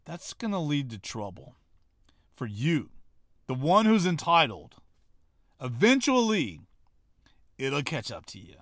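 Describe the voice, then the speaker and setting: A man's voice: fairly high pitch, wildly swooping pitch, slow pace, pauses often, a bit bright, no room sound, clean studio sound. A man giving a blunt motivational talk, brash and profane, mocking people and hammering his points. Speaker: motivational speaker.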